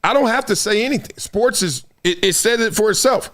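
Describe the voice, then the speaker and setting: A man's voice: high-pitched, brisk. A middle-aged man hosting his own show, chatting casually with his audience, laughing and acting out voices. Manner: animated, acts out voices, laughs often. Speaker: show host. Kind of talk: casual chat to a live audience.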